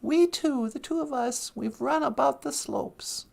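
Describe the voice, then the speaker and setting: A woman hosting a live-stream podcast in casual chat, laughing often and reading lines slowly and dreamily. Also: sits high, creaky, darkish tone. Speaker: podcast host.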